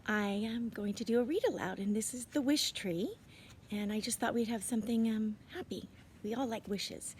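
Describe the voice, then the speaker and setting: A woman reading a children's storybook aloud outdoors, gentle and expressive, sometimes dropping into whispered asides. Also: on the high side, normal speed, slight background noise. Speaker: reader. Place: outdoors in winter. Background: birds chirping.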